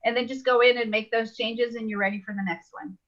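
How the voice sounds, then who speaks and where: Woman, webinar trainer, chatty and upbeat, bright tense voice, dull lo-fi call sound. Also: on the high side, fairly even intonation, quick pace. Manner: chatty, upbeat, laughs easily. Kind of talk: live webinar tutorial.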